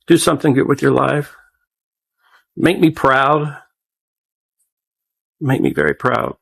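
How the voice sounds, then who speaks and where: A man, speaking emotionally into a self-recorded camera video, halting and repeating himself. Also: medium pitch, big pitch swings, creaky, a bit bright, breathy edge. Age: 40s. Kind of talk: recorded personal video message.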